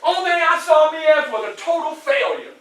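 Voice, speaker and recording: A man's voice: very high-pitched, brisk. Man, Southern accent, motivational speaker, call-and-response, roomy hall, distant mic. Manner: call-and-response, preachy and animated, asks the crowd questions. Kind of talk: motivational speech to students. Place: large echoey college hall. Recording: echoey hall, voice from far off.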